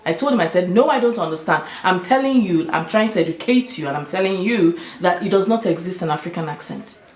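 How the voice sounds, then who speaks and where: The YouTuber here is a Nigerian mother with an Igbo-tinged accent, speaking in a fairly low, darkish voice with lively intonation and a slightly fast pace. She talks casually and emphatically to her vlog audience, explaining and storytelling amid room echo.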